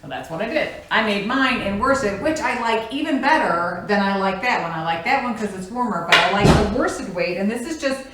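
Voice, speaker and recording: A woman's voice: medium pitch, lively intonation, fairly quick, few pauses, a bit bright. A woman co-hosting a crafting podcast, chatting casually and telling little stories with quoted lines. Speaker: podcast co-host. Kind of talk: casual chat. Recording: echoey room with faint noise.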